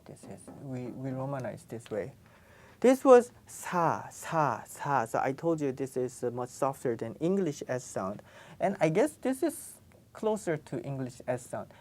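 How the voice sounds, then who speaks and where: A woman's voice: very deep voice, very animated, a little slow, darkish tone. A woman teaching pronunciation, patiently repeating each sound for learners. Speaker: Korean language teacher. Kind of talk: pronunciation lesson.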